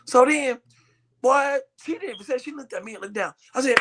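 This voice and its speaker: A man's voice: extremely high pitch, a little fast, very noisy. A man co-hosting a podcast, telling stories bluntly and swearing in casual chat. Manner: animated, blunt storytelling with swearing. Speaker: podcast co-host.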